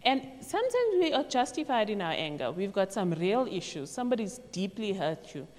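A chatty woman giving a relaxed youth talk on faith, her voice at an ordinary middle pitch. She throws herself into little acted-out quotes and loose asides. Her voice carries a long echo through a large hall. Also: a little fast. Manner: chatty, animated, acts out quotes and laughs.

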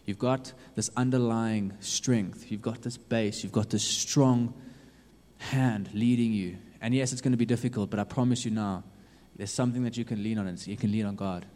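A man preaching a sermon in a low, mellow voice. He urges his listeners earnestly and repeats himself, dropping to a hush and then swelling up again. His words ring out with the long reverb of a large hall. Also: fairly even intonation, normal speed. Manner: earnest, repetitive urging with sudden loud and hushed swings. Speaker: youth preacher.

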